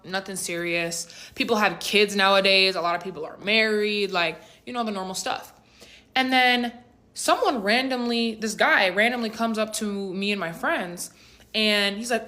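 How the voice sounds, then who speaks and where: Woman in her twenties, storytime vlog, bright tone, chatty, slangy, dramatic. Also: mid-range voice. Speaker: vlogger.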